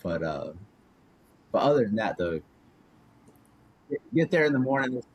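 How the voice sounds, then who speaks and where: A man's voice: medium pitch, big pitch swings, measured pace, slightly rough, highs cut off. A man in his thirties, a podcast guest, rambling through anecdotes in casual chat with lots of "like" and chuckles. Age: 30s.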